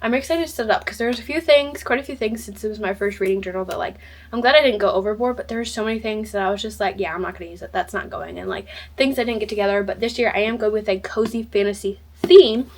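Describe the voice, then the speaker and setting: A woman's voice: fairly high pitch, fast talker. Bubbly rambling young woman. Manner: bubbly, rambling, many "like"s and restarts. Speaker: book vlogger. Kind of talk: casual chat.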